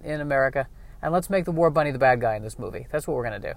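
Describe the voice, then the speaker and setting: A man riffing through a rambling comedic monologue, self-mocking, dropping quiet and then bursting louder. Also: mid-range voice, animated, rapid-fire, creaky.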